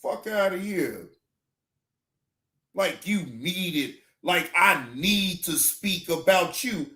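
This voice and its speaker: A man with a very high, bright voice rants slowly and angrily, swearing and often breaking into shouts. He sounds like a reaction channel host venting his commentary. The recording is echoey and roomy. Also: animated. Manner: heated, profane, often shouting. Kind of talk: ranting commentary.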